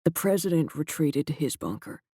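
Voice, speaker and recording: A male narrator voicing a shaken agency director who speaks in a quiet, halting, grave way. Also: a little high, expressive, slightly rough, no echo, studio quality. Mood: grim.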